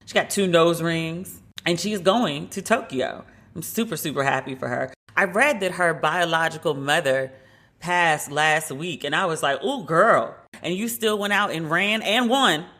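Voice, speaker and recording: A woman hosts her podcast alone from her open-plan home loft and talks in a lively, casual way. Her voice is bright and forceful. She chats in long running stretches with plenty of "like" fillers. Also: deep voice. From based in Los Angeles. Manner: chatty and animated, many "like" fillers. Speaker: podcast host. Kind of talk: casual solo chat.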